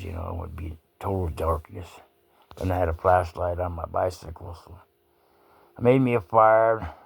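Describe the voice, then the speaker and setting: A man's voice: lowish voice, creaky, no room sound. A man rambling through a personal anecdote in a salty, folksy way, swearing casually and often restarting his sentences. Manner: salty, profane, folksy talk with many restarts. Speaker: storyteller.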